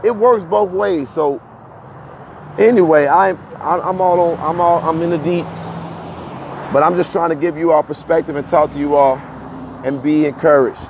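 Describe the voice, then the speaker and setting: A fairly high-voiced man talks in to his live-stream viewers, a little out of breath as he walks uphill outdoors. He is animated, often repeats words and laughs between points. The phone audio is dull and lo-fi, with faint street noise behind him. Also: moderate pace, long pauses. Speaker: livestream host.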